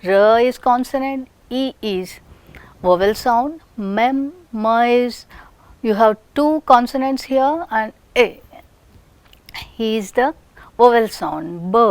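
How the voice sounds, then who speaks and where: A woman's voice: a little high, no room sound. A woman from India with an Indian English accent, giving a recorded phonetics lecture and demonstrating sounds, sometimes in a whisper. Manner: slow, deliberate, demonstrating sounds with whispered examples.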